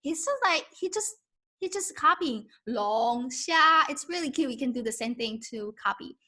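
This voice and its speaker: High, bright-voiced teacher woman. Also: animated. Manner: slow, patient, mixes English with Mandarin, models tones by humming. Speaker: Mandarin teacher. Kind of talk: live-streamed language lesson.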